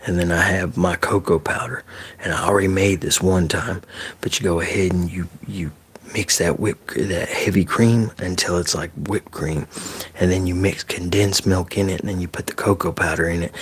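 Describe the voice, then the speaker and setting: Male ASMR streamer, very low voice, soft-spoken and close to the mic, easygoing live chat. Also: steady tone, normal speed, slightly rough. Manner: soft-spoken, drifting into whispers, loose and profane.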